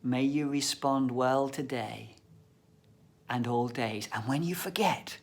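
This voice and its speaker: A man telling stories and reflections in an expressive, unhurried voice. He sometimes sinks to a breathy whisper on key words. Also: mid-range voice. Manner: slow, expressive storyteller, often drops to a whisper. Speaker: shamanic practitioner and storyteller. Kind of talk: reflective thought-for-the-day talk with storytelling.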